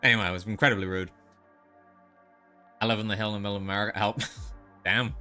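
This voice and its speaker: A man's voice: on the low side, steady tone, fast, bright, forceful tone, clean tone, soft background music. A man from the Netherlands streaming, telling a story in a profane, exasperated casual rant. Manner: profane, exasperated, lots of restarts.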